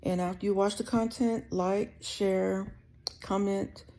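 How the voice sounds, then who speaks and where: A woman's voice: medium pitch, fairly even intonation, takes it slowly, dark tone. A woman vlogger talking casually from home, rambling in a conversational way with slang. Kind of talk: casual chat to camera.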